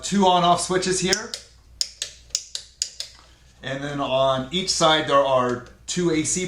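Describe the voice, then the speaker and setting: A man's voice: fairly high pitch, a bit bright. Man reviewing gadgets in an echoey room. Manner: plain, explaining step by step with fillers. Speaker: product reviewer. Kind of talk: casual unboxing review. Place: indoor room at a desk. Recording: echoey room, faint noise.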